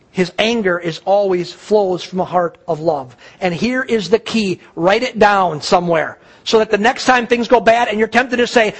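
A male pastor delivering a sermon, preaching emphatically with dramatic pauses and repetition. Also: high voice, husky.

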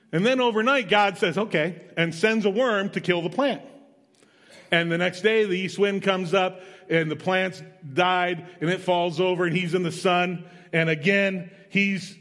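A man's voice: sits high, fairly bright tone. Man preaching in a reverberant hall. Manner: conversational, plain-spoken retelling with emphatic asides. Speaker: missionary preacher. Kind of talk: sermon with storytelling. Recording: long reverb of a large hall.

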